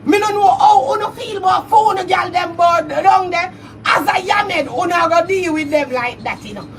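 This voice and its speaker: A Jamaican man in a shouty patois diss rant, laughing loudly between threats. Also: very high-pitched, moderate pace, creaky, recorded from a distance, a little hiss or hum. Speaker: social media personality. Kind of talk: angry diss rant to camera.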